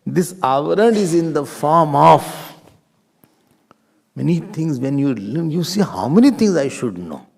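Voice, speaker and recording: A man's voice: fairly high pitch, big pitch swings, unhurried, creaky, a little mellow, husky. A man with an Indian accent teaching a scripture class in a playful, teasing way. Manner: playful, teasing, mixes in Hindi and Sanskrit terms. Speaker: Vedanta teacher.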